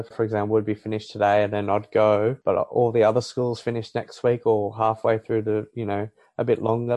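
A man's voice: lowish voice, dark tone, no room sound. A man in his thirties with an Australian accent, chatting casually as a podcast guest, with plenty of fillers, restarts and laughs. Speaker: podcast guest, English teacher. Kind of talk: casual interview chat.

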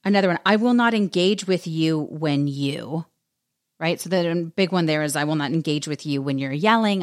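A woman host talking casually about relationship boundaries, animated and full of "right?" and "like" fillers. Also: sits low. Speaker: podcast host. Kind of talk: casual advice talk.

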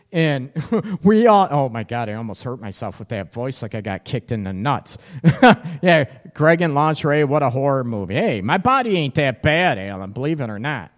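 A man's voice: medium pitch, very animated, normal speed. A man hosting a live show in casual chat, teasing, laughing often and reacting to chat comments. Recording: echoey room with long reverb.

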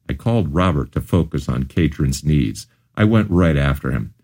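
A man's voice: a bass voice, animated, moderate pace, creaky, few pauses, a little mellow. A man narrating his own memoir as an audiobook, telling it earnestly in the first person.

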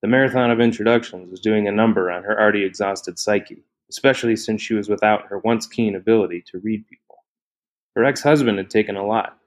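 A man with a fairly low voice narrates a novel in an even, measured way. He reads steadily and plainly between the characters' lines. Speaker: audiobook narrator. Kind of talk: scripted narration.

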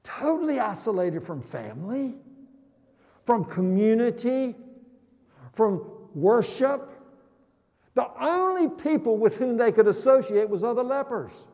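A man preaching a sermon in a dramatic, emphatic way, slowing down on key words and breaking into sudden loud exclamations. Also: very high voice, lively intonation. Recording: long reverb of a large hall.

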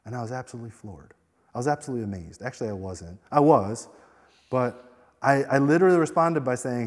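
A man preaching a sermon in a relaxed, conversational storytelling way, full of "you know" asides. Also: medium pitch, a little fast. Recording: reverberant hall.

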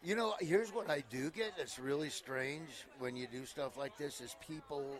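A middle-aged man from southeast Nebraska sits in as a comedian guest, spinning casual stories at a fairly high pitch. He leaps loud and high whenever he acts out what other people said. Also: moderate pace, some chatter behind. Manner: animated storyteller who jumps up loud and high when quoting people. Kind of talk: casual interview storytelling.

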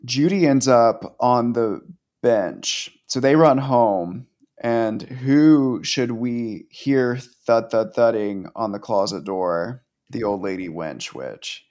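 A man's voice: mid-range voice, slow pace, a little mellow. A man co-hosting a podcast, retelling a comic story in a laid-back way with jokes and swearing. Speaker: podcast co-host. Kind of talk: casual chat.

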